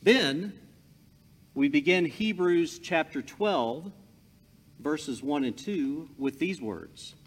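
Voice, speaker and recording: A man preaching a sermon, telling stories with lively emphasis. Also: a little high, slow pace. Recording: long hall reverb.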